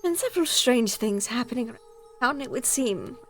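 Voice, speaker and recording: Lady player in a tabletop game, kinda high voice, playful, some music behind. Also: lively intonation, fairly quick. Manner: playful, speaks partly in character as a rich mother. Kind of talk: tabletop role-play.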